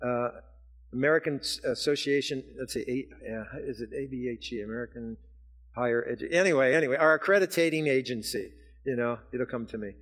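An older man preaching a sermon, telling a personal story and reading scripture, going from quiet asides to loud emotional high points. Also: brisk. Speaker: pastor.

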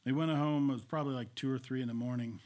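A male preacher delivering a sermon, storytelling with swings between loud and whispered delivery. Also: mid-range voice, steady tone, fast talker.

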